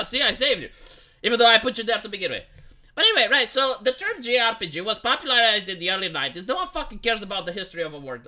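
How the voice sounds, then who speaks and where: Bright-voiced woman streamer, mocking and emphatic, ranting to her live chat. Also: a little high. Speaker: commentary streamer. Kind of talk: ranting opinion commentary. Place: home streaming setup.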